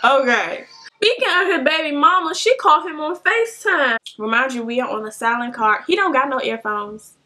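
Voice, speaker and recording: Young woman, high bright voice, animated storytime vlogger. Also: fairly quick. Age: young adult. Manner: animated, swearing, mimics voices. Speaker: beauty vlogger.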